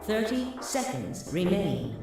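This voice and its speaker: A slow, echoing announcer AI. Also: female voice, medium pitch, sing-song, over music. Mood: cold. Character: cold automated announcer AI. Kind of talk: in-game announcement. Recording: echoey game audio.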